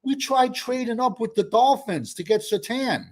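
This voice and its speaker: A man with a fairly high voice argues football in a heated debate. He comes off sarcastic and pushy, repeating himself to press his point. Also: animated, moderate pace.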